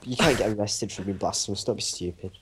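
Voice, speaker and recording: A young man in casual gaming chat, dry and teasing, his voice sitting on the low side. His home voice-chat mic carries a faint hiss and the odd click. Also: fast. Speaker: gamer co-host.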